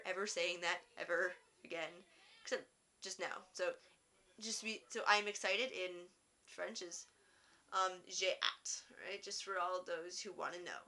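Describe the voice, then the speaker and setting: A woman's voice: fairly low pitch, sharp tone. A teenage girl, chatting casually in a video journal, rambling with lots of fillers. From Canada. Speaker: vlogger.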